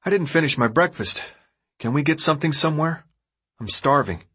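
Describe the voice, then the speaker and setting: A man doing a confused teenage boy for a storybook reading, lifted a little above a grown man's pitch. The boy sounds earnest and keeps asking questions. The tone is husky and lively. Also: fairly quick. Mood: questioning.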